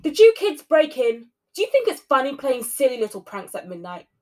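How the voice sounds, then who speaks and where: A woman's voice: sits high, sing-song, fairly quick, pitched above the performer's own voice. A woman playing a frantic cleaner. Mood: angry. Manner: frantic, exclamatory. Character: anxious female office cleaner, flustered.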